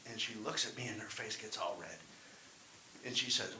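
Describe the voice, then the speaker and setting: A man's voice: fairly low pitch, brisk, bright, forceful tone. A man performing a wry, self-deprecating stand-up set at an open mic. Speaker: stand-up comedian. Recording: echoey room, faint hiss.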